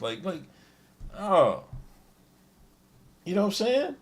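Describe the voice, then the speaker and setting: A man's voice: medium pitch, sing-song, moderate pace, pauses often. A man casually reacting to a video on a stream, talking to his chat in a laid-back, profane way.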